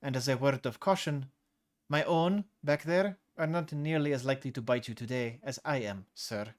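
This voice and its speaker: A man voicing a fed-up young woman, flat and firm. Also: medium pitch, moderate pace, lightly acted. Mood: coldly polite. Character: fierce young female bus rider, fed up.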